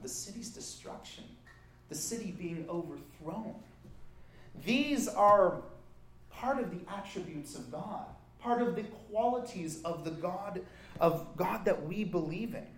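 Animated preacher man in an echoey room. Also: high voice. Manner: animated, with rising emphasis and frequent restarts. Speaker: pastor. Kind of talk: sermon.

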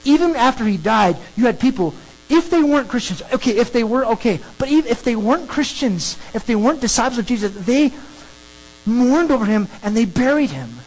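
A preacher giving an animated, emphatic sermon that works through a scripture passage. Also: medium pitch, fairly quick, slight background noise, poor audio. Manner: animated, emphatic, acts out crowd scenes.

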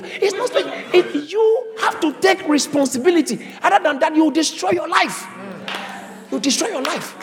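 A man's voice: extremely high pitch, lively intonation, fairly quick, a crowd in the background. A man preaching a sermon as pastor, emphatic and repeating phrases for stress. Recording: reverberant hall.

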